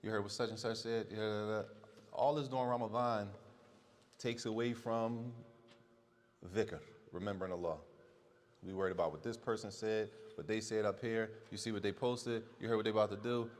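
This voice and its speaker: A man's voice: on the low side, fairly even intonation, moderate pace, slight background noise. A man teaching a casual religious class, repeating his points for emphasis and quizzing the people listening. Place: mosque or community center hall. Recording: long hall reverb.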